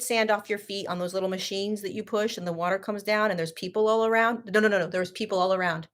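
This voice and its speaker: A woman hosting a casual talk, telling a personal story in an animated, laughing way that swings between loud and hushed. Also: mid-range voice, brisk, few pauses. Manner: frequent 'like' and restarts, sarcastic. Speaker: host.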